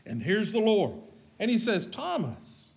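A husky-voiced man preaches a sermon in storytelling mode. His pitch rises and falls in a lively way, and his volume swings from loud passages to hushed ones. He speaks a little higher than most men. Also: a little slow. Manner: dramatic retelling, shifting loud to hushed.

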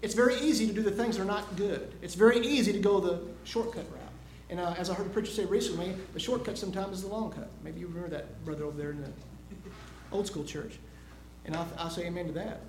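A high-pitched man delivers a sermon, telling a homely story before rising into loud, emphatic preaching. His voice rings in an echoey room with a faint hiss of noise behind it. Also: quick pace.

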